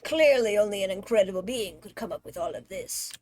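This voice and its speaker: A woman's voice: mid-range voice, expressive, a little fast, darkish tone, faint music behind, natural voice. A woman voicing an eager elderly male mill keeper in a cozy video game, fussy and enthusiastic.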